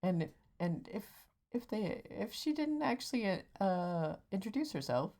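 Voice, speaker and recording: A woman's voice: mid-range voice, sing-song, mellow. A woman co-hosting a casual podcast chat, often restarting her sentences and agreeing dryly. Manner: halting, restarts, dry agreeing. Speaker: podcast co-host.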